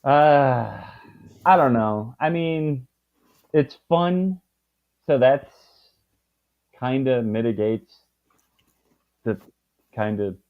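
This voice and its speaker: A man guesting on a casual comic review chat, rambling and stumbling over his words. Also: on the low side. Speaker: guest co-host. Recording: tinny phone-like call audio.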